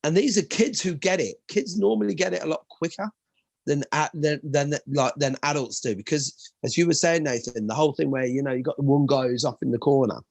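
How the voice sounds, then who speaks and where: This Irish man speaks in a husky, breathy voice, and the sound is close and dry with no room around it. He is a martial arts coach who tells his stories with animated energy and drops the odd swear word in a casual conversation. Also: on the high side, a little fast, no echo. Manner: animated storyteller, swears freely. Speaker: martial arts instructor and co-host. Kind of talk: casual podcast chat.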